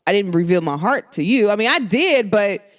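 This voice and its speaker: A woman's voice: mid-range voice, moderate pace. A woman hosting a podcast, talking frankly to her listeners in casual slang and acting out bits of remembered dialogue. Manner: expressive, frank, slangy, acts out quoted dialogue. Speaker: podcast host. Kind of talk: candid monologue to listeners.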